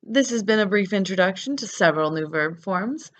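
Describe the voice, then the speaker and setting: A woman's voice: mid-range voice, animated, brisk, fairly bright tone. A woman teaching French grammar, patiently spelling out verb endings letter by letter. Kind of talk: grammar lesson.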